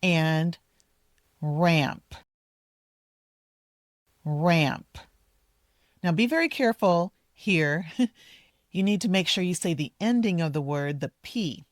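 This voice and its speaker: A woman teaching English pronunciation outdoors in a park, speaking deliberately and repeating each model word slowly. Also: lowish voice, expressive, no room sound, clean studio sound. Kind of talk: slow, careful pronunciation lesson. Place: outdoors in a park, walking with her dog.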